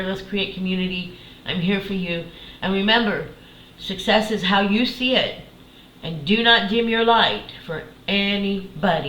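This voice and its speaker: A woman's voice: fairly low pitch, fairly bright tone, slight background noise. Chatty middle-aged woman in a roomy space. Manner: chatty and candid, casual swearing, frequent restarts. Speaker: psychic and channel host. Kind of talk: casual storytelling monologue to camera. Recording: roomy echo with faint background ambience.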